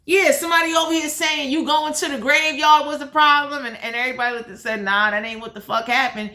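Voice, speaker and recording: A woman's voice: sits high, steady tone, fast, pushed and bright. A woman doing a blunt, profane, heated tarot reading in a casual monologue. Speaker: tarot reader. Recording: echoey room.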